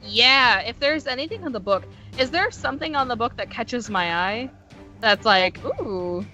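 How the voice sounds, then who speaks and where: Excitable woman player, chatty, high and bright voice. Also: moderate pace, faint music behind, poor audio. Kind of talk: tabletop game play.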